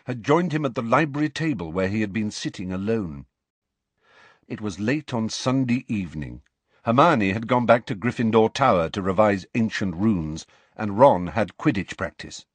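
A man narrating a storybook in an expressive, measured way. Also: on the low side, breathy edge, no echo. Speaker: audiobook narrator.

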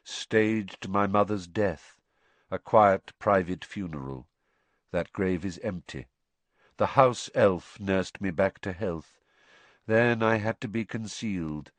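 A man doing a drugged, flat-voiced young confessor. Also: takes it slowly, no room sound. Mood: flat monotone. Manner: flat, expressionless, low.

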